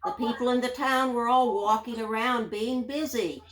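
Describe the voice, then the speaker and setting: A woman teacher reading a children's story aloud, gentle and drawn out, leaning into the sound words. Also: on the high side, fairly even intonation, moderate pace, few pauses, rough recording.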